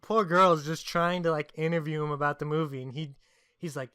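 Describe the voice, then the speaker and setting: A man's voice: on the high side, steady tone, a little fast, bright, forceful tone, clear, resonant tone, dry recording, studio quality. A young man co-hosting a casual podcast, teasing his friend and telling profane stories with frequent laughs. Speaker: podcast co-host.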